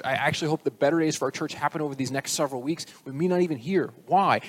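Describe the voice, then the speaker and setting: A male pastor preaching a sermon, emphatic and rising on key phrases, with casual asides to the congregation. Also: on the high side.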